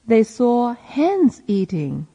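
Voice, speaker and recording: A woman with a mellow, husky voice repeats a children's story one phrase at a time. She reads very slowly, and her pitch moves in a lively way. The sound is soft and warm. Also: muffled recording. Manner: repeats each phrase slowly and clearly after a male reader. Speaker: reading teacher. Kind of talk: slow read-aloud for learners to repeat.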